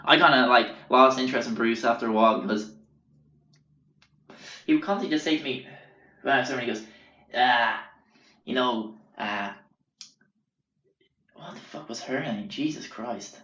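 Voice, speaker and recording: At medium pitch and normal speed, this man speaks with a bright, forceful tone broken by long pauses. Hosting a podcast, he tells meandering, profane stories and performs the voices of those he's quoting, all in roomy, muffled lo-fi sound.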